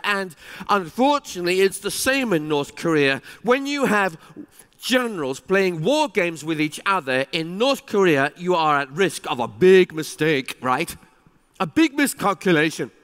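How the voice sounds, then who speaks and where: Animated high-voiced man, keynote speaker in a hall. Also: smooth. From England. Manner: animated, emphatic, with rising exclamations. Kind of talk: conference keynote speech. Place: large conference hall. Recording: reverberant hall.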